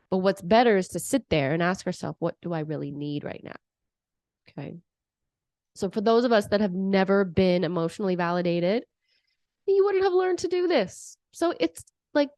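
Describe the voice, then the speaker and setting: This young woman, speaking at a medium pitch, talks to camera as an emotions coach, lively as she acts out how parents might sound in her examples. The studio sound is clean and echo-free.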